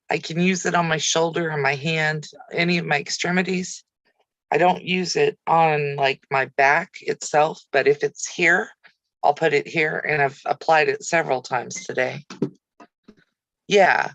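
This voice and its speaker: A woman's voice: low voice, no echo, low-quality recording. A woman hosting a casual livestream chat, talking easily and answering viewer comments by name. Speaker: craft channel host.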